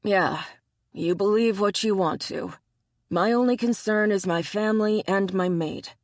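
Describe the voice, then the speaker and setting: A man's voice: high voice, a little slow, no echo, clean studio sound. An audiobook narrator voicing a blunt, stubborn young male bear shifter who swears and pushes back defensively.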